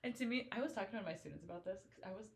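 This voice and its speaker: A woman's voice: mid-range voice, rapid-fire, creaky. A young adult woman co-hosting a podcast, chatting casually and emotionally about a novel and reading passages aloud. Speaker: podcast co-host. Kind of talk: casual book discussion.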